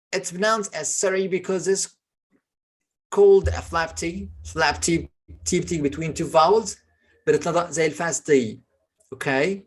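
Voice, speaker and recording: A woman with an Egyptian Arabic accent, a native Arabic speaker, teaching English pronunciation in an online lesson and drawing out slow model words between fillers. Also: lowish voice, husky.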